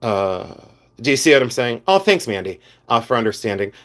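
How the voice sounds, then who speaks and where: A man's voice: mid-range voice, very animated, fairly quick, fairly bright tone. A middle-aged man hosting a casual jewelry livestream, blunt and a bit exasperated, with lots of "uh" fillers.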